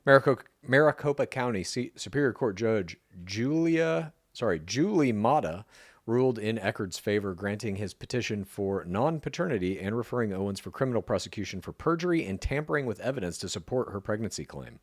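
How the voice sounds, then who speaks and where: A man co-hosting a podcast, recapping entertainment news in a wry, animated way. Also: on the low side, fairly quick, dry recording, studio quality. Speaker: podcast co-host. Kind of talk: casual news recap chat.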